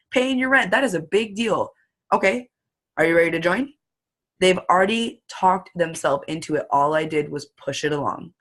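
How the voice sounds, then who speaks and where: A woman giving an excited, chatty coaching talk to her sales team, acting out her phone calls as quotes. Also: on the low side. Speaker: network marketing team leader.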